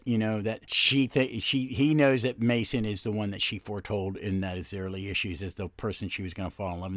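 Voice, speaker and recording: A man's voice: lowish voice, no echo. A man hosting a comic book podcast, chatting casually and rambling with many fillers and restarts. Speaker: podcast host.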